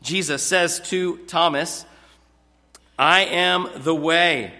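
Bright high-voiced man preaching in a hall. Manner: earnest expository preaching, drawn-out emphatic words. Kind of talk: sermon. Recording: long hall reverb.

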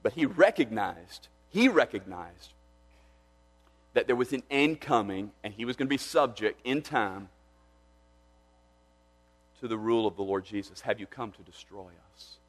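An earnest male pastor delivering a sermon in a church, with a voice of ordinary pitch. He preaches with emphatic rises and frequent restarts, and a long reverb trails his words through the hall. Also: expressive, a little slow, long pauses.

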